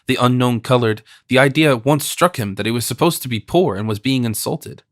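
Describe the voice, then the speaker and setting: A man narrates a classic novel for an audiobook in a measured, even reading. His voice sits in a middle range for a man. The recording is dry and close, with no room sound. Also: mid-range voice, dry recording.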